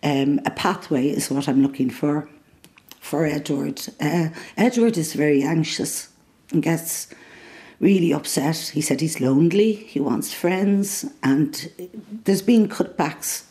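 An older Irish mother speaks in a lowish, mellow voice. She talks earnestly and haltingly, with frequent fillers and restarts, as she describes caring for her son. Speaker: mother and carer. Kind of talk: emotional interview.

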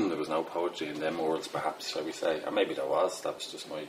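Middle-aged Dublin poet, very low voice, casual and self-deprecating, noisy background. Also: male voice, fairly quick. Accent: Dublin Irish. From Ireland. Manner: rambling, self-deprecating, many fillers. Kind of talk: casual interview talk.

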